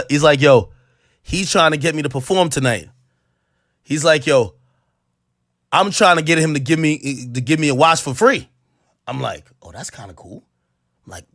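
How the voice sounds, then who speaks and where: A man telling a story in a casual, profane, animated way and acting out the quotes. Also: fairly high pitch, no room sound, studio quality.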